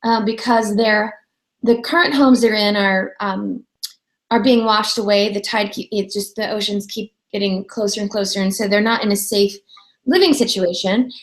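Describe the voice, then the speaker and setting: A woman's voice: medium pitch, steady tone, moderate pace, rough recording. A woman hosting an interview show, chatting freely and acting out the voices of people in her stories. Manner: chatty storyteller, acts out quoted voices. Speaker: radio show host. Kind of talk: casual interview chat.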